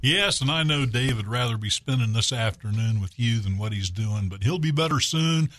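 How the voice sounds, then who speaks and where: A man's voice: medium pitch, lively intonation, normal speed, a bit bright, no room sound. A man filling in as a radio talk show host, chatty and folksy, telling jokes between segments in a studio. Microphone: studio mic.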